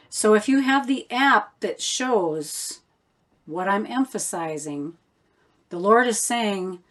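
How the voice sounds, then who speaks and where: Slow-talking woman teaching a Bible study. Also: mid-range voice, expressive. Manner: unhurried, reads verses aloud and explains them.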